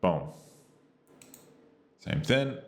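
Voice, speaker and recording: Deep-voiced rambling American guy. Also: sing-song, very slow, a little mellow. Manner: rambling, filler-heavy, says "boom" and "you get the idea". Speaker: tech reviewer. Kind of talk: casual screen-recorded app review.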